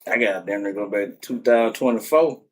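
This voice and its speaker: A man's voice: fairly low pitch, brisk, darkish tone, breathy edge. A man chatting casually on a livestream from his phone, wistful and full of slang as he rambles.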